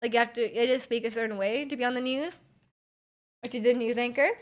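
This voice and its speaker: A woman's voice: fairly high pitch, fairly even intonation, quick pace. A young woman from Canada with a Canadian accent, chatting casually with her stream chat, rambling and trailing off between laughs. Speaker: Twitch streamer.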